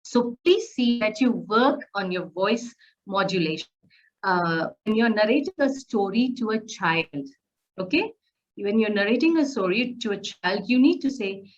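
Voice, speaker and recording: A woman's voice: medium pitch, lively intonation, a little slow. A woman giving an online lecture on public speaking. She often says "uh" and checks in with "okay?". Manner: frequent "uh" fillers and "okay?" checks with listeners. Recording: muffled lo-fi recording.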